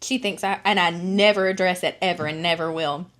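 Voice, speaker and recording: This woman in her thirties swaps casual talk on a podcast, spinning animated family stories full of acted-out quotes and plenty of swearing. Her voice is medium-pitched and brisk, with few pauses.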